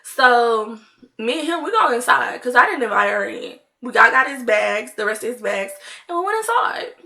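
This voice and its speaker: A young woman vlogger telling a story in a casual, animated way, full of "like" and acted-out quotes. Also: on the high side, moderate pace, vocal fry. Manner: animated, chatty, heavy use of "like", acts out quotes.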